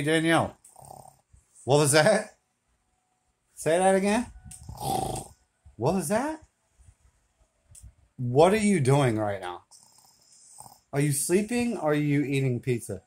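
A man's voice: fairly high pitch, a little mellow. Laughing, swearing man in his forties. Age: 40s. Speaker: filming his girlfriend at home. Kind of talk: casual home video.

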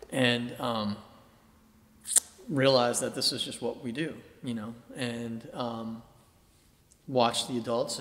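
A middle-aged man from Boston, an artist being interviewed, telling animated anecdotes and acting out his own past thoughts, with plenty of fillers. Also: mid-range voice. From Boston, Massachusetts, USA. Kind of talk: casual storytelling interview. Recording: roomy echo with long reverb, faint ambience.

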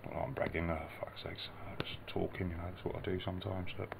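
Low gravelly man rambling and swearing. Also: level tone, fast, in a whisper. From United Kingdom. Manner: rambling, swears constantly, mutters asides. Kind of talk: rambling monologue vlog.

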